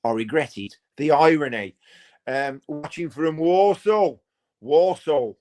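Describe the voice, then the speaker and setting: A man's voice: a little high, slow pace, darkish tone. Jokey man chatting. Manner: jokey, chatty, reads out viewer comments. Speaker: watch party host. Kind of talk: casual live-stream chat.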